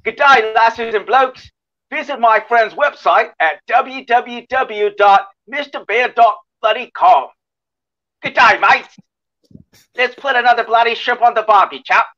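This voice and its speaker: A man putting on a comic, exaggerated Australian bloke with a mock Australian accent, drawing out slang slowly. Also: very high-pitched, bright, forceful tone, dull audio, pitched above the performer's own voice, full character voice. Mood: hammy. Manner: over-the-top slang, slow, drawn out.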